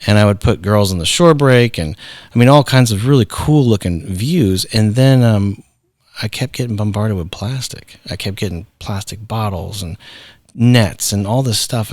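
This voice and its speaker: Guest spot: middle-aged man, very low voice, lively storyteller, dry close mic. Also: normal speed, no room sound. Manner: animated storyteller acting out quoted voices. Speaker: guest, founder and artist. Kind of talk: casual storytelling interview.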